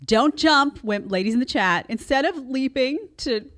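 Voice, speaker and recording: Lively, animated woman host. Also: high-pitched, moderate pace. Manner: animated, emphatic, chatty. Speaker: podcast host. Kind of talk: casual social commentary.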